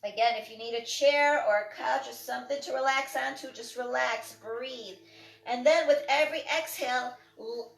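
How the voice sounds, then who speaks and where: A woman instructor leading a breathwork and movement class with calm, short spoken cues paced to the breath. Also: high-pitched, gravelly. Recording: echoey room from far off.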